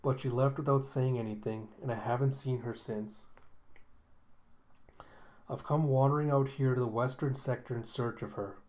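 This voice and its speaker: A man's voice: steady tone, moderate pace, darkish tone, close to an everyday voice. Casting: man voicing a tired middle-aged doctor-hunter, worn out and dry, reading off the page. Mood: weary. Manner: tired, low-key delivery.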